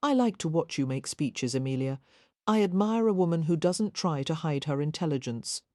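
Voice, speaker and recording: A woman voicing a confident, presumptuous Russian nobleman with a soft Russian accent and a mild, assured manner, in an audiobook. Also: sits low, lively intonation, normal speed, dry recording, clean studio sound. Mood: smooth, teasing. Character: Russian prince, smooth, confident, presumptuous man.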